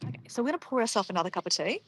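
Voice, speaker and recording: A woman's voice: medium pitch, big pitch swings, racing, background noise. An Australian woman chatting casually to livestream viewers outdoors by a pond, easily sidetracked and calling her viewers guys. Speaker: livestream vlogger.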